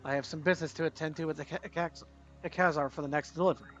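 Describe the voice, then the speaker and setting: A man voicing a smarmy, sharply dressed rich gentleman who speaks with florid, overly courteous politeness. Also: fairly high pitch, fairly even intonation, racing, lo-fi sound, soft background music, natural voice. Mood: courtly.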